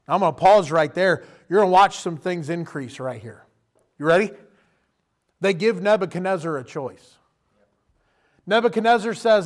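Man, preacher, sermon, fairly high pitch, emphatic, questions the congregation. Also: moderate pace, pauses often. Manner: animated, emphatic, rises to loud bursts; direct questions to the listener.

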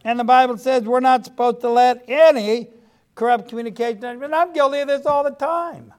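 A man's voice: very high-pitched, steady tone, fairly quick, darkish tone, clean tone. A middle-aged man preaching a sermon in a folksy way, dropping frequent amens to the congregation. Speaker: pastor.

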